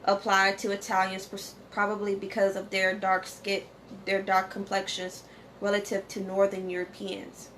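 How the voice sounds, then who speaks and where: A woman's voice: mid-range voice, completely flat delivery, moderate pace, a bit bright, a little hiss or hum. A woman hosting a casual educational vlog. She talks conversationally, often checks in with "okay?", and reads source text aloud while stumbling over some pronunciations. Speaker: channel host.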